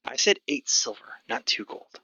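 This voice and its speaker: A man voicing a gruff, hairy old goblin who sells tickets and haggles curtly. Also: moderate pace, pushed and bright, lo-fi sound. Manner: curt, stubborn, haggling.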